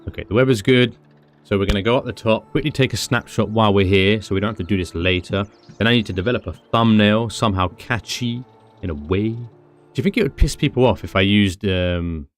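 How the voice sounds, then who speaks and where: Low-voiced British man streaming a game. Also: brisk, faint music behind. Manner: chatty, rambling, self-mocking asides. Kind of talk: casual gameplay commentary.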